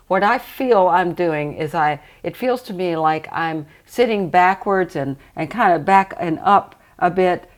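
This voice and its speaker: Older woman, channeler guest, low voice, reflective, easy laughter. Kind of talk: relaxed conversational interview.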